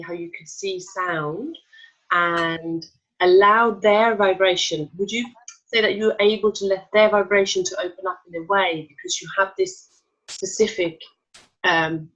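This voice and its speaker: A woman's voice: mid-range voice, a little slow, fairly bright tone. A woman hosting an interview who asks long, searching questions, hesitating and restarting often. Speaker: host and spiritual practitioner. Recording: dull lo-fi sound.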